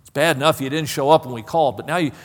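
A man's voice: fairly high pitch, rapid-fire, close to an everyday voice. A man preacher voicing an anxious, embarrassed biblical woman who pleads in frantic, repeated protests. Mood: pleading. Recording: long hall reverb.

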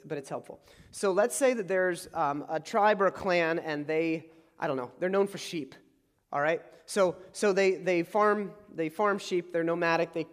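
A male pastor delivers a sermon in a casual, storytelling way, slipping into quick acted-out dialogue. His voice sits high for a man. The sound carries a long reverb from a large church hall. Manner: conversational storytelling, acts out dialogue. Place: church sanctuary.

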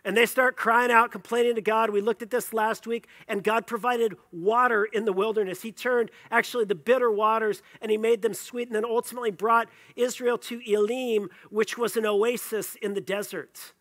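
A man's voice: high voice, steady tone, normal speed, few pauses, fairly bright tone. A male pastor preaching a sermon, conversational and playful, joking with the congregation between scripture readings.

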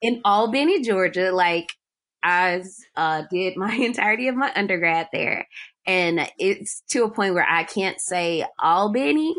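A young woman from Ohio with a Southern-tinged accent, co-hosting a podcast in relaxed, rambling casual chat with lots of fillers. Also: medium pitch, unhurried. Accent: Ohio speech with a Southern US tinge. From Ohio, USA. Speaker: podcast co-host.

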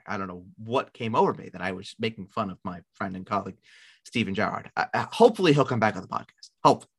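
A man's voice: fast, vocal fry, slightly rough. A man co-hosting a sports podcast, talking in a sarcastic, rambling way and swearing freely. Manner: sarcastic, rambling, swears, lively jumps in pitch. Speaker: podcast co-host. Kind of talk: casual sports podcast chat.

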